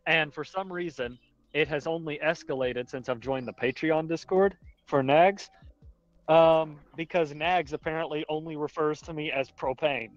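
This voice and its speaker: A man's voice: fairly high pitch, fairly bright tone. A man from the Carolinas with a mild Southern accent, a podcast guest rambling through exasperated stories with frequent laughs. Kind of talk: casual chat. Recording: dull lo-fi voice chat audio.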